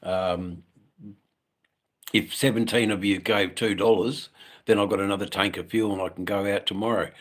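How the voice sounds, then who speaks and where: A man's voice: fairly low pitch, steady tone, normal speed. An Australian man from Western Australia, chatting casually at home on a live stream for his motorcycle channel, rambling with lots of ums and the odd swear word.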